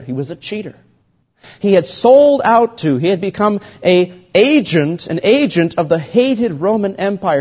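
A man preaching a sermon in a deliberate, emphatic way, his volume swelling and dropping. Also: high voice, lo-fi sound.

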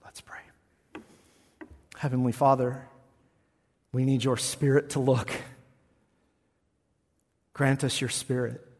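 A man preaching a sermon as pastor, moving from quiet, reflective talk to loud, shouted passages. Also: mid-range voice, level tone, slow pace, pauses often, husky. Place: church. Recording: long reverb in a church hall.

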